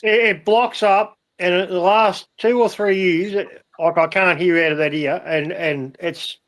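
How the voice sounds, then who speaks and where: A man's voice: sits high, steady tone, a little slow. A man joining a livestream as a guest, chatting casually and laid-back, mostly with brief replies. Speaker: stream guest. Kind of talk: casual chat.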